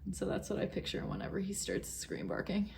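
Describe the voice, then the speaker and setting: A woman's voice: medium pitch, sing-song, a little fast, gravelly, a little mellow, a little hiss or hum. A young woman vlogging about knitting at home in a chatty, rambling way that wanders off topic. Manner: chatty, rambling, easily sidetracked. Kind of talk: casual chat.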